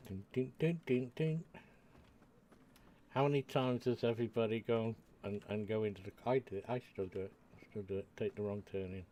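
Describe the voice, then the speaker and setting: A man's voice: lowish voice, steady tone, quick pace, dark tone. Chatty older man streaming a game. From United Kingdom. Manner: chatty, rambling, talks to himself. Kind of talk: casual live-stream commentary while playing.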